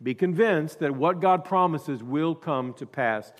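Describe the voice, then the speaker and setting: A male pastor preaching a sermon, dropping to quiet asides and then rising to loud emphasis. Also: a little high, unhurried, big-room sound.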